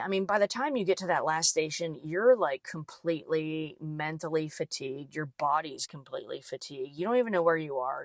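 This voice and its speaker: A woman's voice: low voice, no room sound, studio quality. A woman hosting a casual solo podcast, talking chattily with lots of fillers and restarts. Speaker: podcast host, physical therapist.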